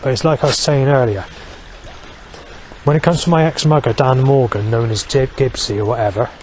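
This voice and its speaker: A man's voice: medium pitch, fairly quick, a little mellow, slight background noise. A man talking in a long, rambling vlog monologue, swearing heavily and restarting sentences, with many fillers.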